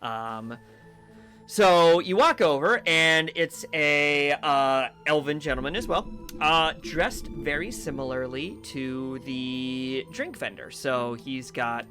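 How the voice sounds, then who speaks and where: A man running a tabletop game as game master, narrating in a relaxed, rambling way. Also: on the high side, slow, music in the background. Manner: relaxed, rambling descriptions with many fillers.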